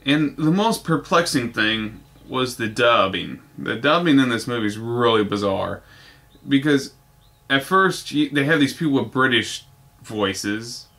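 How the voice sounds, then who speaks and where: A man's voice: medium pitch, expressive, normal speed, bright, forceful tone. A young man casually reviewing an old kung fu DVD in a rambling, offhand way with exasperated asides. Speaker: movie reviewer.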